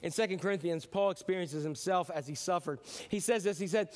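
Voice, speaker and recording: High-voiced man preaching a casual sermon. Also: a little fast. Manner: conversational preaching with restarts and acted-out voices. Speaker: pastor.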